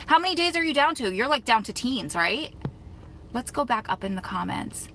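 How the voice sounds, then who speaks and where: A woman's voice: a little high, moderate pace, slight background noise, low-quality recording. A young woman hosting a casual livestream, chatting animatedly, telling stories and reading comments. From United States. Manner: chatty, animated storytelling, laughs often. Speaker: vlog host.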